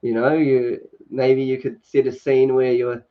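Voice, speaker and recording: In a casual home livestream on a sunny day, a man reads comments and chats with frequent fillers and laughs. His medium-pitched voice has little pitch movement and a measured pace, heard through dull, lo-fi stream audio.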